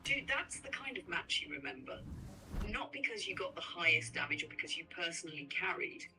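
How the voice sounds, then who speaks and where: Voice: mid-range voice, very animated, a little fast. A text-to-speech companion voice giving dramatic mock commentary, reading quote marks aloud. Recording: distant voice under loud music.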